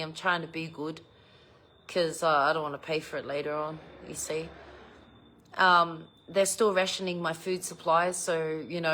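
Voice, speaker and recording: A woman's voice: lowish voice, fairly bright tone. Giggly, swearing New woman. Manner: giggly, swears freely, self-mocking. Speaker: vlogger. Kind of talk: casual chat.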